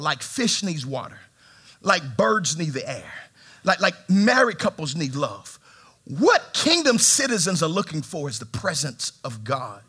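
A man preaching a sermon in a church, animated, with swings from shouts to hushed tones and humor aimed at the congregation. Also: fairly high pitch, husky. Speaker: pastor. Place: church sanctuary.

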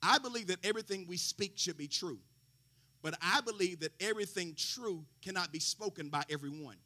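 A man's voice: high-pitched, fairly quick, pushed and bright. A man preaching a sermon, quoting scripture with folksy asides and rising fervor. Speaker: pastor.

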